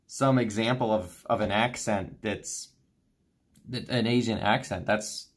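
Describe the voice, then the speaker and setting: A man co-hosting a stream, commenting casually and reading forum posts aloud with quick asides. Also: fairly low pitch, breathy edge. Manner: animated, quick, reads quotes in asides. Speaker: streamer co-host.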